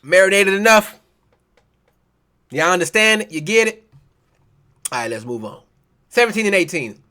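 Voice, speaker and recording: High, bright-voiced mocking preacher man. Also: animated, normal speed. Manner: mocking, rhetorical, impassioned. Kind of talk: sermon with scripture reading.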